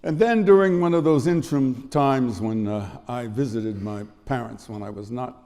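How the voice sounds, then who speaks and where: A man's voice: medium pitch, normal speed, dark tone. A man in his eighties giving an emotional speech at an award event, telling stories with repetitions. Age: 80s. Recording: long hall reverb.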